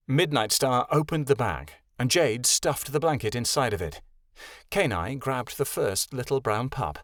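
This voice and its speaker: A male narrator reads a fantasy audiobook with expressive storytelling. His middle-pitched voice moves in a lively way, and the recording is dry and close. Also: unhurried, dry recording. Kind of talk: scripted narration.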